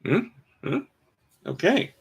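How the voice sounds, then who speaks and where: A man casually commenting as he builds a toy kit, rambling with dry, self-mocking asides. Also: takes it slowly. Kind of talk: casual live-stream commentary.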